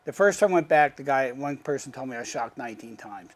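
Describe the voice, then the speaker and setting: A man's voice: medium pitch, fast talker. A man casually telling a personal story, acting out the voices of the people in it. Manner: animated, acts out quoted dialogue. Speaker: guest.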